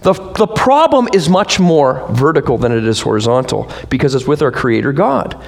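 A man preaching a sermon as pastor, animated, with rhetorical questions and joking asides to the congregation. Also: mid-range voice, normal speed, vocal fry.

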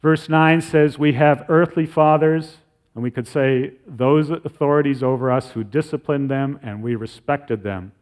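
A middle-aged man preaching to his congregation in an earnest, conversational sermon. He slows right down when he reads scripture aloud. His pitch sits in an ordinary middle range. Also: darkish tone. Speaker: pastor.

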